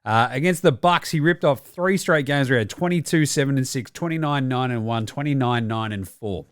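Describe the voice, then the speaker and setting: A man's voice: mid-range voice, a little fast, clear, resonant tone, no echo, studio quality. Sarcastic man ranting about basketball. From Australia. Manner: sarcastic, swears freely, acts out mock quotes. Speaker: podcast host. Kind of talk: casual sports commentary.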